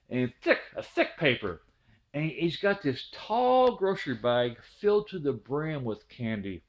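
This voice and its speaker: A man in his fifties from Ohio telling a childhood story in a rambling, folksy way, with many restarts. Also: on the high side. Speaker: storyteller, channel host. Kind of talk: casual spoken storytelling. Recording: dull lo-fi recording.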